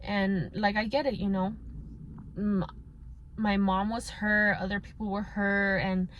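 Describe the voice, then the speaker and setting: A woman's voice: mid-range voice, flat delivery, a little slow, highs cut off. A young woman speaks candidly into the camera, looking back on a painful time in her life. Her talk is casual, full of fillers, and she switches into Spanish words mid-sentence. A faint noise sits under the recording. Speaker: vlogger. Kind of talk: personal storytelling.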